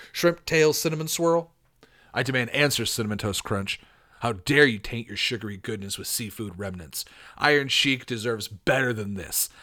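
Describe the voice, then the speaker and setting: A man putting on a tough wrestler voice to read out a loud, intense promo. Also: mid-range voice, close to an everyday voice. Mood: indignant.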